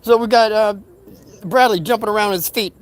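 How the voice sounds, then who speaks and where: High-voiced older man telling a story. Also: normal speed. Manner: rambling, animated retelling with acted-out quotes. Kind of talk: casual storytelling.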